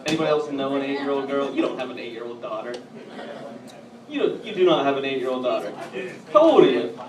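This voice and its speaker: A man doing a stand-up comedy routine on a club stage, telling edgy jokes and bantering with the crowd, at times getting loud. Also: mid-range voice, lively intonation, quick pace. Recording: echoey, distant, noisy live room.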